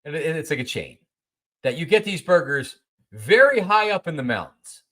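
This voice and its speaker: Bright-voiced man telling a story. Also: a little high, moderate pace. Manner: animated, acts out both sides of conversations, repeats himself. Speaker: podcast host. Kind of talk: casual storytelling monologue.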